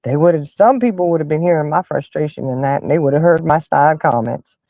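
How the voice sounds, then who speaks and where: A woman hosting a casual chat with her viewers, telling stories in an animated, emphatic way and fussing loudly when annoyed. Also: deep voice, a little fast, no room sound. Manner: animated, emphatic storyteller who rants and fusses. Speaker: livestream host chatting with viewers.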